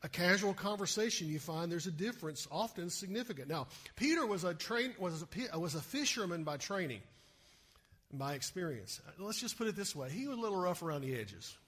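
A male pastor giving an animated sermon and often asking the listeners rhetorical questions. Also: high-pitched, fairly quick, breathy edge.

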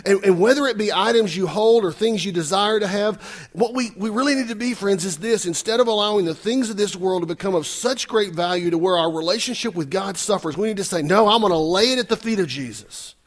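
A man preaching a sermon, animated, swinging between loud emphatic lines and soft asides, acting out quotes. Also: high-pitched, a little fast. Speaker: pastor.

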